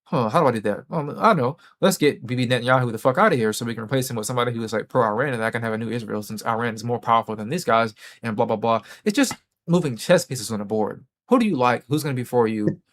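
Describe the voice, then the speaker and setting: Guy on a night stream going off, swears a lot, mid pitch, does mocking voices. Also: quick pace, a bit bright. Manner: profane, mocking, puts on high mock voices. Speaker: livestream host. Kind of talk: casual livestream rant.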